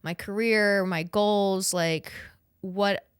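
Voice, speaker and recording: A woman's voice: medium pitch, steady tone, very slow, clear, resonant tone, no room sound, studio quality. A young adult woman hosting a podcast, rambling and chatty with lots of "like" and casual swearing. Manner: chatty, profane and rambling, full of "like". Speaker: podcast host. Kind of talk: casual chat.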